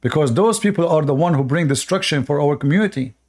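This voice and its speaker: A man's voice: a little high, expressive, quick pace, a little mellow, slightly rough. A man giving indignant, preachy reaction commentary in non-native English, asking his audience rhetorical questions. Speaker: online religious commentator.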